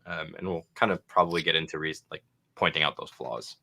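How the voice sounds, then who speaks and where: A man's voice: rumbling low, a little fast, creaky, bright, forceful tone. A man co-hosting a livestream in a casual discussion, hedging with many fillers. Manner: hedging, lots of "like" and "uh". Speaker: co-host on a livestream.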